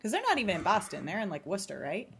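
A woman's voice: medium pitch, huge pitch swings, rapid-fire, vocal fry, fairly bright tone, a little hiss or hum. A woman co-hosting a podcast, chatting in a bubbly way and laughing often. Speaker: podcast co-host. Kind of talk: casual chat.

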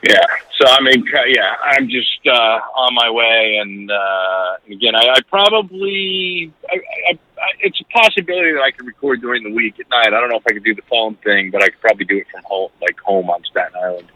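A man talks casually over a phone line from inside a moving van, quick and breezy with fillers. His voice sounds bright and tense, and the call is tinny and breaks up. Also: medium pitch, no room sound. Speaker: podcast co-host. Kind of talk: casual chat.

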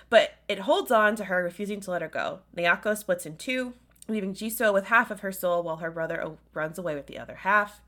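Bright-voiced woman podcast host. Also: medium pitch. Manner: chatty, laughs often, stumbles over words. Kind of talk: casual podcast chat and plot recap.

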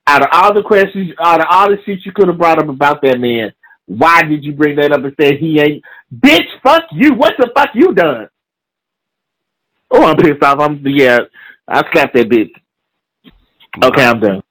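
A man's voice: a little high, moderate pace, fairly bright tone, low-quality recording. A man in a heated, profane comedic rant, insulting people and repeating lines for emphasis.

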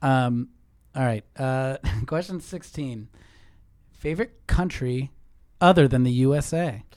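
A man hosting a podcast in casual chat, telling stories with lively mimicked voices. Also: medium pitch, slow, dry recording. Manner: animated storyteller, mimics voices in quotes. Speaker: podcast host.

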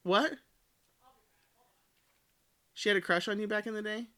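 A woman's voice: mid-range voice, steady tone, a little slow, sharp tone. A woman co-hosting a casual gossip chat, reacting with short exclamations and teasing questions. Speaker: podcast co-host.

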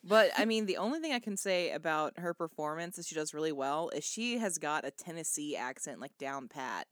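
A woman with a slightly low voice gives relaxed, critical opinions on a movie in casual podcast chat. Her voice sounds dry and close, with no room sound around it. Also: a little fast, no room sound. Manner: relaxed, critical, laughs along. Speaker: podcast co-host.

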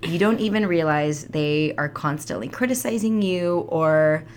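A woman's voice: low-pitched, a little slow, noisy background. A woman co-hosting a casual chat show, telling a story with lots of laughter. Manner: animated storytelling, laughs often. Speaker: podcast co-host.

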